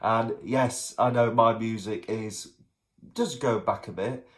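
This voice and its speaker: A young man reviews songs in his vlog, ranting in a blunt, exasperated way and climbing into shouts when he gets worked up. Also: fairly low pitch, fairly even intonation, slow pace. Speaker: vlogger.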